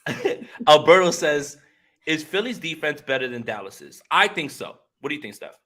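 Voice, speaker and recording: A man's voice: a little high, very animated, normal speed, bright, forceful tone. A man co-hosting a casual live-stream sports podcast, upbeat and talking straight to the viewers. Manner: upbeat, keeps addressing viewers directly. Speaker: podcast co-host.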